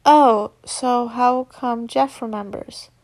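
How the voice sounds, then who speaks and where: A woman's voice: on the high side, fairly even intonation, slow pace, darkish tone. A young woman voicing a mischievous male killer who teases his friends. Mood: teasing.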